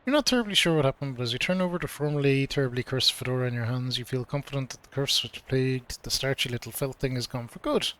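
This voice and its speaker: A man's voice: mid-range voice, quick pace, hardly any pauses, fairly bright tone. A man streaming a game, reading its dialogue aloud in a casual, playful way with mock old-fashioned delivery. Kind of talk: let's play commentary, reading game text aloud.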